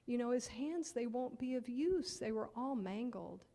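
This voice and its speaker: A woman's voice: fairly high pitch, expressive, moderate pace, warm tone, voice pushed up. A woman voicing a worried widowed mother, speaking in a fretful way. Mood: fretting.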